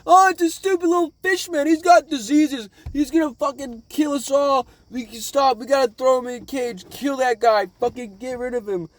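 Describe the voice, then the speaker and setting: A man voicing a bigoted crowd that shouts hateful, profane threats in a mocking way. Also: extremely high pitch, moderate pace, few pauses, pitched above the performer's own voice. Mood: jeering.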